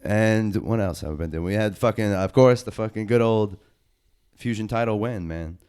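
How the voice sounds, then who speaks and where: Smooth low-voiced young man. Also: moderate pace. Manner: loose, excited storytelling full of slang and swearing. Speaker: podcast co-host and indie wrestler. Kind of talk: casual profane chat.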